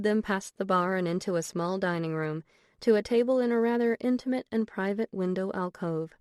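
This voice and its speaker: A woman narrating an audiobook in a composed, even storytelling manner on a close studio mic. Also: medium pitch, normal speed, smooth, no room sound. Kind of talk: scripted narration.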